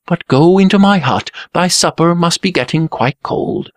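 A man's voice: on the high side, lively intonation, moderate pace, no room sound, pitched above the performer's own voice. A man voicing a nervous young prince who stammers and speaks in old-fashioned language in a storybook reading. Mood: hasty. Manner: stammering, archaic speech.

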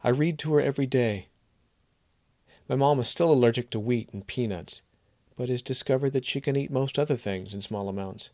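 A man's voice: mid-range voice, a little fast, darkish tone, no room sound, studio quality. A man reading a short story aloud, voicing the characters' dialogue with strong emotion. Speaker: narrator. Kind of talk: scripted story narration.

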